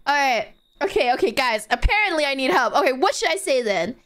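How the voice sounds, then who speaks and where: A woman streaming a game, playful, giggly and excitable, talking to her chat. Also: high-pitched, brisk.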